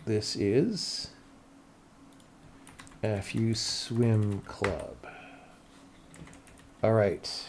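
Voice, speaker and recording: A man's voice: on the low side, lively intonation, extremely slow, creaky, long pauses, noisy background. A man streaming as he builds a game level, talking to himself in a casual, thinking-aloud way with mumbled asides. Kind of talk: casual livestream commentary while working.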